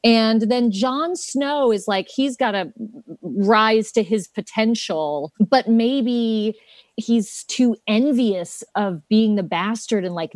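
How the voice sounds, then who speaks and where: A woman's voice: mid-range voice, darkish tone, dry recording. A woman actress chatting as an interview guest, playful and laughing often. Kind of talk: casual interview chat.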